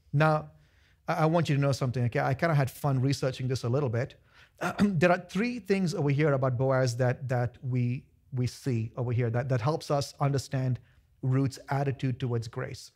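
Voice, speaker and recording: A man pastor preaching a lively sermon to his church, acting out voices of the people in his stories. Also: sits high. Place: church sanctuary.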